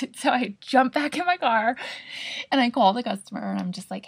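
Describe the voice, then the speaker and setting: A young adult woman hosting a podcast, telling a personal story in a chatty, expressive way with casual swearing. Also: a little high, fast talker, slightly rough. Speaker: podcast host.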